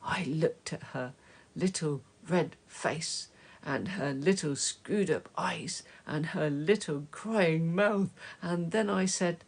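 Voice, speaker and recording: Woman reading a kids' story real slow, husky and a bit gravelly, soft and gentle. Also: on the low side. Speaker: storybook reader. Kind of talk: reading a children's story aloud.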